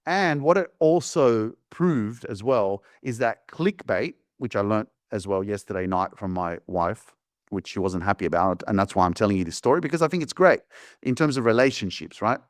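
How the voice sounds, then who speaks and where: A man casually telling a story to his audience, animated, sarcastic, full of fillers. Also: on the low side, moderate pace, no room sound, studio quality. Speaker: host. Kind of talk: casual monologue.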